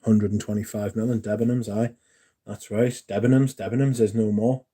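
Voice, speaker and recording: Chatty man, mellow voice. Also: on the low side, steady tone, fairly quick, husky. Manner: chatty, swearing, rambling with asides to viewers. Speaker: livestream host. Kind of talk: casual chat.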